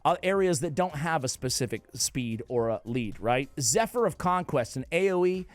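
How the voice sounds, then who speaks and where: A playful man with a New England accent talks through a game guide in a casual, joking way. His voice sits a little high, and it now and then bursts into excited shouts. The sound is close and dry, with no room around it. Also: moderate pace, no echo. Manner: playful, jokey, sudden excited outbursts. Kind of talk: casual gaming commentary.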